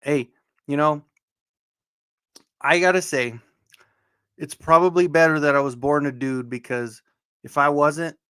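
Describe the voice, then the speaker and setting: A man hosting a casual livestream, loudly joking and greeting viewers in the chat by name. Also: on the high side, fairly even intonation, unhurried, pauses often, smooth, dry recording, clean studio sound. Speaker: livestream host.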